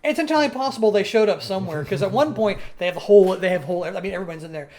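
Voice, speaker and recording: A man co-hosting a podcast, telling a story in casual chat and acting out quotes with animated swings in his voice. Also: high-pitched, very fast. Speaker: podcast co-host.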